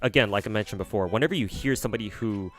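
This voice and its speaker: An American streamer answers viewers on a livestream, rambling and hesitant, often restarting his sentences and swearing casually. He talks fast in a fairly low voice, with soft music playing behind him.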